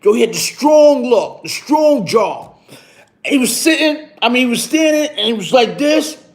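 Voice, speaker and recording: New guy, kinda high voice, animated slangy storytelling, keeps repeating himself. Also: moderate pace. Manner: slang-heavy, repetitive, boastful. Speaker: vlogger telling a story.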